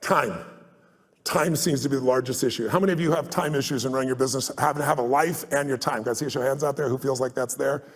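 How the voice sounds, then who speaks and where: Before a live audience in a large hall, a man on a live stage tour tells stories in a fast, mid-range voice, driving his points home emphatically and bluntly. It's motivational storytelling: he swears for force and acts out anecdotes, with long hall reverb from the live event.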